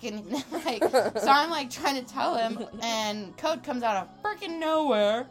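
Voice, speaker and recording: A woman's voice: a little high, measured pace, hardly any pauses, faint music behind. A woman in her twenties telling a wild story in casual chat, laughing often and acting out what people said. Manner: animated, laughing, acts out quotes. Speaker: podcast co-host.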